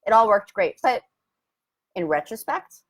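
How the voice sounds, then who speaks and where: A woman's voice: medium pitch, very animated, measured pace. Chatty middle-aged woman telling a story. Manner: chatty and reflective, laughs often, acts out quoted lines. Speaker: love coach and host. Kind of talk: casual vlog storytelling.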